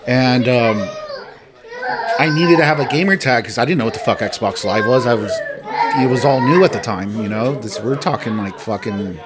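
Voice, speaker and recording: A man in a casual chat, telling a story in a relaxed, offhand way and swearing freely. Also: mid-range voice, moderate pace, very noisy.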